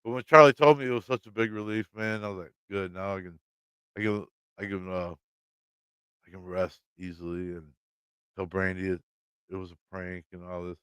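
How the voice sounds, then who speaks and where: A man's voice: low voice, steady tone, normal speed, pauses often, fairly bright tone, smooth, dry recording. Laughing, swearing Midwestern guy. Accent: American Midwestern. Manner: rambling, swears freely, laughs often. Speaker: channel host talking to live chat. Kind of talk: casual storytelling on a livestream.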